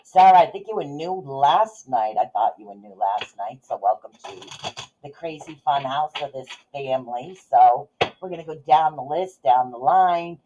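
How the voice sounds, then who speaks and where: A woman's voice: rumbling low, animated, normal speed, noisy background. A middle-aged woman hosting a casual livestream, chatting in a rambling way and laughing often. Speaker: podcast host and psychic reader. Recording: dull lo-fi audio.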